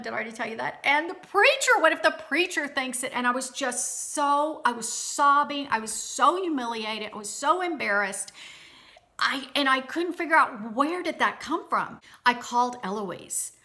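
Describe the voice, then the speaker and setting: A woman vlogger telling a personal story to her viewers in a chatty, animated way, with frequent restarts. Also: fairly high pitch. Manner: addresses viewers directly.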